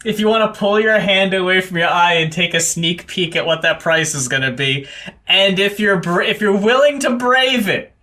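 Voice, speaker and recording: Male co-host, high, bright voice, slow and wry. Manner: wry, joking. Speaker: podcast co-host. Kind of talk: casual podcast chat with show plugs.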